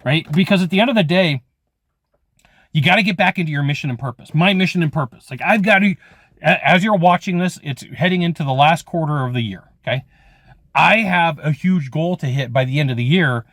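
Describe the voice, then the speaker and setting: A man's voice: a little high, brisk, fairly bright tone, dry recording, studio quality. A man in his forties giving a casual, rambling motivational talk about sales, full of "like" and "okay". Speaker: sales trainer.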